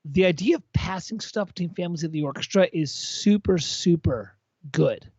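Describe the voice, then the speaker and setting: A man's voice: sits high, moderate pace, a little mellow, breathy edge, no room sound. Tipsy man, blunt and profane, dull lo-fi sound, dry. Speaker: co-host reviewing viewer compositions. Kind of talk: casual tipsy livestream chat.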